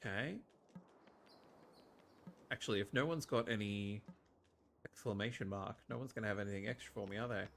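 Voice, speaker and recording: A streamer with a voice on the low side talks a little fast, leaving long pauses, while casually commenting on a farming game. There's a slight hiss or hum, and he jokes animatedly and speaks to the characters.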